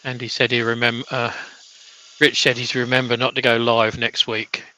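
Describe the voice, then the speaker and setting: A man's voice: medium pitch, level tone, normal speed, sharp tone, a little hiss or hum, rough recording. Coughing man reading comments. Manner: chatty, teasing banter. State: has a bad cough. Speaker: co-host reading viewer comments. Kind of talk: casual live-stream chat. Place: office.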